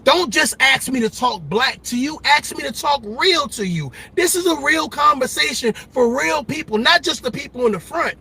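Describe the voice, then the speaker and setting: A man's voice: extremely high pitch, lively intonation, moderate pace, hardly any pauses, bright, forceful tone. A middle-aged man giving a passionate, preacher-like commentary monologue, emphatic and repetitive. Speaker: commentary vlogger.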